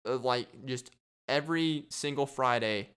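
A man's voice: medium pitch, a little slow, a bit bright, smooth. A young man hosting a casual solo podcast, rambling and joking, laughing at his own bits. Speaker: podcast host.

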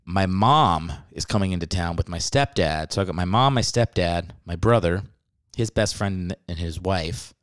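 A married adult man hosts a comedy podcast, ranting with joking asides and swearing casually. His voice sits low and he speaks at a moderate pace.

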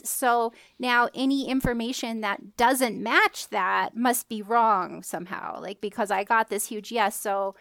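Woman cohost explaining things slowly and thoughtfully, kinda high voice, dry mic. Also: smooth, no room sound. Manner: thoughtful, explains step by step, soft-spoken trailing phrases. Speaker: podcast co-host. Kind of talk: casual spiritual chat.

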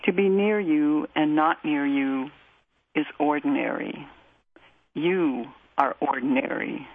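A woman radio host reading a poem aloud in a measured, deliberate way and introducing a song. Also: deep voice. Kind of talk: poetry reading and music introduction. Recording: tinny phone-like line.

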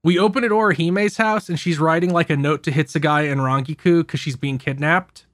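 Man, casual podcast recap, somewhat high voice, very dry sound, profane and animated. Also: fairly quick, no echo. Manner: animated, profane storytelling with frequent laughs. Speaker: podcast host recapping an anime. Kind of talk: casual chat.

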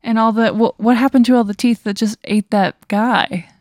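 A woman's voice: fairly high pitch, steady tone, moderate pace, a little mellow, no room sound, clean studio sound. A woman guest in a casual comedy chat, quizzically asking follow-up questions.

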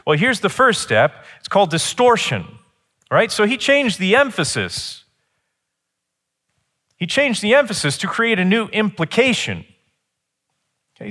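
This is a middle-aged preacher delivering a sermon with earnest, instructive sincerity. When he presses a point, he gets louder and his pitch rises.

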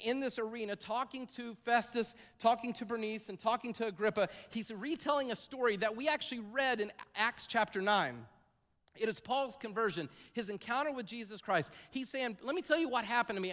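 A man preaches to his congregation in an easy, conversational way, doubling back on his words and dropping in asides. His voice sits high for a man. The sound carries the long reverb of a large church hall. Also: a bit bright. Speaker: pastor. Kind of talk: sermon. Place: church sanctuary.

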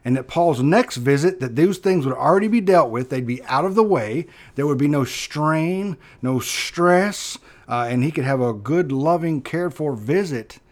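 A man preaching a sermon as pastor, talking earnestly, pressing points with sudden loud stresses and then dropping low and soft. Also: animated, normal speed, hardly any pauses.

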